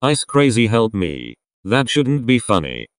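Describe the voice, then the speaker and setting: A young man giving casual reaction commentary in a rambling, sarcastic way with quick asides. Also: lowish voice, very animated, slight background noise. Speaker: reaction video host.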